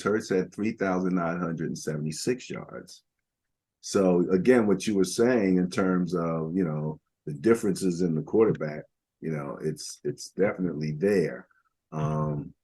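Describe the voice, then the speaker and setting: Older guy with a lowish voice, chatting football stats, lots of ums and you knows. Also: darkish tone, slightly rough. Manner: rambling, many fillers, reads out stats. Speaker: podcast co-host. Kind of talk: casual sports talk.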